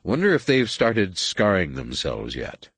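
A man voicing a wry, sarcastic older ship captain talking to his son, in a deep voice. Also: wildly swooping pitch, a little slow, fairly bright tone, slightly rough, no room sound, full character voice. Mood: dry. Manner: dry, sarcastic.

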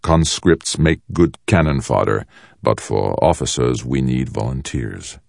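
A man voicing a calm, stern military colonel who speaks in a measured, controlled way. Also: extremely low pitch, gravelly, dry recording, studio quality, heavily acted. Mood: cool, stern.

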